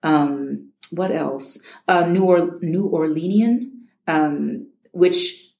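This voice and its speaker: A woman's voice: low-pitched, extremely slow, vocal fry, darkish tone, roomy sound. A middle-aged woman from Chicago, an audiobook narrator, talking casually in an interview, often restarting with repeated words and laughing.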